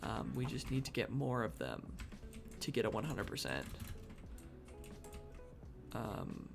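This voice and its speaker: Game streamer, gravelly voice, unhurried, thinking aloud, mock-dramatic outbursts, faint music behind. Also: medium pitch, very animated. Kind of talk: live gameplay commentary. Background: faint background music.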